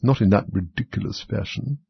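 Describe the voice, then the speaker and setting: A man voicing a sleepy, sulky dormouse that drawls its complaints in a husky voice. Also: on the low side, no room sound, dull audio, full character voice. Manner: slow, drowsy, peevish.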